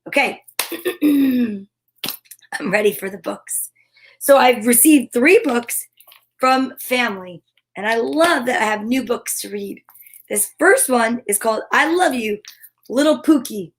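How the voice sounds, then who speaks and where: A woman hosting a children's story time, talking in an upbeat, gentle, affirming way. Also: a little high, expressive, measured pace, long pauses, rough recording. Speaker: host reading children's books.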